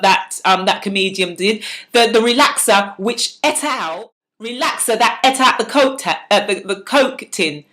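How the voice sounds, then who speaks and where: A woman's voice: mid-range voice, fairly bright tone. A woman speaking in a fiery, preachy monologue to camera, repeating words and restarting sentences as she presses her point. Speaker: vlogger giving life advice.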